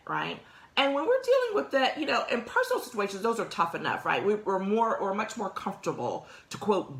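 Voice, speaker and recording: A woman's voice: lowish voice, fairly bright tone, echoey room. A woman hosting a career talk show, talking casually and directly to her listeners, with frequent laughs. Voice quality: conversational, addresses listeners directly, laughs often. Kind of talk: casual motivational talk to an audience.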